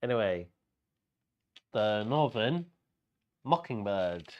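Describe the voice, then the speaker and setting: A man's voice: fairly low pitch, sing-song, slow, dull audio. A man co-hosting a live bingo stream, calling out the items in a casual, hesitant way that is full of stammered repeats.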